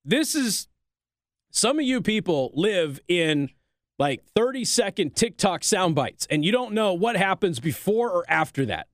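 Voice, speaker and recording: A man with a fairly high voice delivers sarcastic commentary, reading headlines aloud and cutting in with mocking rhetorical questions. The recording is close and dry, with no room sound. His tone stays pointed and needling throughout. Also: sing-song, unhurried, dry recording. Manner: reads articles aloud then interjects. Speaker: political commentary host.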